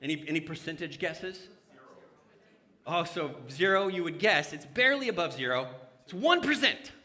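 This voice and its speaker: A man's voice: on the high side, expressive, normal speed, sharp tone. A man preaching a conversational sermon in a church, asking the congregation questions as he goes. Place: church sanctuary. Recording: church hall reverb.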